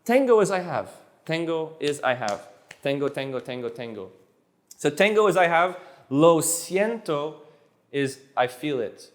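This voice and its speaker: High-pitched guy teaching spanish to a room, jokey, repeats stuff a lot, kinda stammery. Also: very animated, a little slow. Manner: playful, jokey, repeats words for drill. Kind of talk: live classroom lesson.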